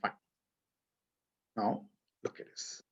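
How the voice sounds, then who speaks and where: A man with an Indian English accent teaching a grammar lesson, speaking slowly and deliberately and stopping to quiz his students. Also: a bit bright, lo-fi sound. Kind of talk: classroom grammar lecture.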